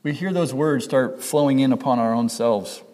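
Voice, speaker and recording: A man's voice: medium pitch, moderate pace, a little mellow, in a large hall. A man preaching a sermon as pastor, talking in a conversational way, correcting himself and acting out the voices in people's heads. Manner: conversational, self-correcting, acts out quoted inner voices.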